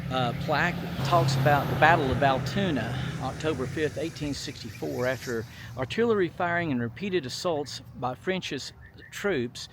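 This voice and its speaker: A man's voice: fairly high pitch, slight background noise. A man narrating an outdoor history tour, reading plaques aloud in a folksy way with fillers. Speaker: vlogger touring historic sites. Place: outdoors at a memorial site on a hot day.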